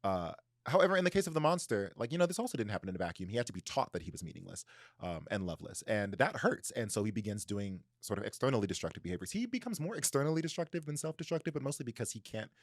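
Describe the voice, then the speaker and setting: Fast-talking animated male podcast host. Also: on the low side, no echo, studio quality. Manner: animated, frequent "like" fillers, laughs while telling. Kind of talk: casual book discussion.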